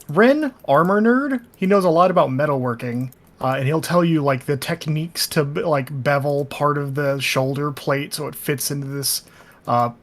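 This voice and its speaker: Guy at a tabletop game, bit high voice, jokey and chatty. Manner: chatty, joking. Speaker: player. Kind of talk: casual tabletop game chat.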